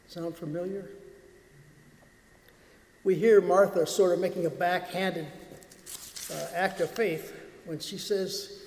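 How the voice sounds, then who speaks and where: A man preaching as a priest, reading scripture and giving a homily in a measured, earnest way. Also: high-pitched, steady tone, darkish tone. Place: church. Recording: echoey church with long reverb.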